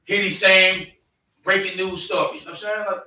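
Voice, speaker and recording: A man chatting casually and telling an animated story, acting out voices with bursts of shouting. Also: high voice, fairly quick, slight background noise. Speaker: podcast co-host. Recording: echoey room, mic at a distance.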